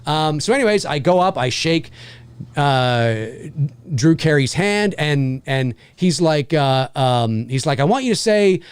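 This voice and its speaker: A chatty man from Canada tells a story on a livestream, animated and full of fillers. His voice sits a little high and swings widely in pitch. The sound is dry and close. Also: takes it slowly, clear, resonant tone, no echo. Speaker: livestream host and voice actor.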